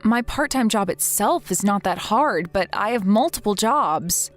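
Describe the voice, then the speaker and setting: A woman's voice: medium pitch, lively intonation, measured pace, close to an everyday voice. A woman reading the lines of an overworked young wife and mother who apologizes and pleads for help, in a scripted text-message story. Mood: tired. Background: faint background music.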